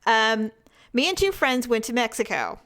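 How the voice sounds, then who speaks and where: Middle-aged woman podcast co-host, animated storyteller, fairly high pitch, laughs a lot. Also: moderate pace. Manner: laughs often, animated storytelling with acted quotes. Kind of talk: casual chat, reading listener stories.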